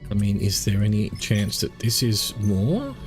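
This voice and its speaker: A man's voice: on the low side, big pitch swings, measured pace. Streamer man, casual let's-play commentary, self-mocking, faint music bed. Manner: rambling, self-mocking asides. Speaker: gaming streamer. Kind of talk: let's play commentary reading game text aloud.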